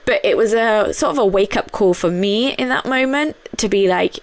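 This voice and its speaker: A woman in her thirties, hosting a personal podcast, speaking candidly in a halting way with many fillers and restarts. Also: medium pitch. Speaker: podcast host.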